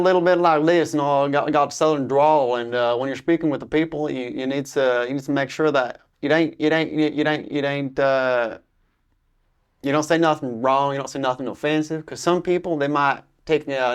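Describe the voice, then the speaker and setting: A man's voice: a little high, steady tone, a little fast, smooth, close to an everyday voice. A man doing a drawling Southern American man. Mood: warning. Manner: drawling, folksy, ungrammatical.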